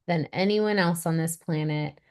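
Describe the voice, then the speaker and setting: A woman's voice: fairly low pitch, normal speed, darkish tone. A woman in her thirties co-hosting a casual podcast, giggly and hesitant, with many fillers. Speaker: podcast co-host. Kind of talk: casual chat.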